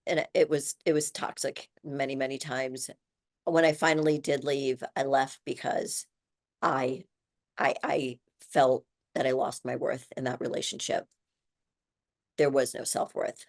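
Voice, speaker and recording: Podcast host, woman, 60s, slightly low voice, heartfelt and encouraging solo talk. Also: a little mellow. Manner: earnest, encouraging, speaks directly to women listeners.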